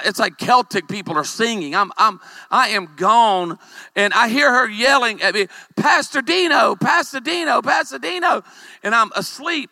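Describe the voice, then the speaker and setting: Bright, gravelly-voiced preaching man. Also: sits high, no echo. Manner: animated storytelling, calls for amens. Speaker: pastor. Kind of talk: humorous sermon.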